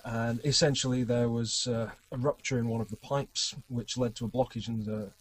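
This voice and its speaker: A man's voice: mid-range voice, steady tone, normal speed, husky, dry recording, low-quality recording. A man running a tabletop game, narrating in a wry, chatty way and laughing often. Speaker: game master.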